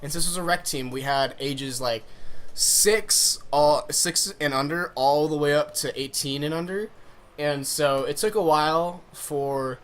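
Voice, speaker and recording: A man's voice: medium pitch, fairly bright tone, slight background noise. Rambling young man telling a story. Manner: rambling, swearing, laughing storyteller. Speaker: vlogger. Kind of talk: casual storytelling vlog.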